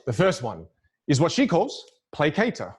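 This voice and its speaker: Lively, demonstrative man coaching public speaking. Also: normal speed, slightly rough. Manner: lively, demonstrative, swings pitch widely for emphasis; repeats key phrases for emphasis. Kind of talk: presentation to a virtual audience.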